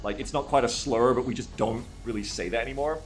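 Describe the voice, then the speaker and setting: A man's voice: mid-range voice, fast, soft background music. A man streaming live and chatting casually. He reads chat aloud, rambles, and swears freely.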